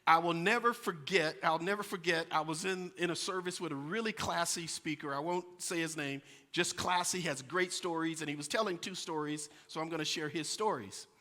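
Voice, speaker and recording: A male pastor telling animated stories in a sermon and talking straight to his congregation. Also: on the high side, moderate pace, hardly any pauses, big-room sound. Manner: storytelling, animated, addresses congregation. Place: church sanctuary.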